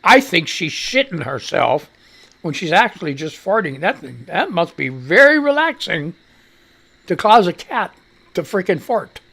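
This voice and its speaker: With a high-pitched, creaky, husky voice, this man takes his time hosting a live talk show. He rambles, reads out news headlines with blunt remarks of his own, curses freely, and chats with his cat in an animated way.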